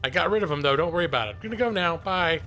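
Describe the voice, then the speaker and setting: A man's voice: fairly high pitch, animated, very fast, sharp tone, faint music behind. A man streaming a video game live, chatting casually in a jokey, self-mocking way and laughing often. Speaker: gaming streamer and lawyer.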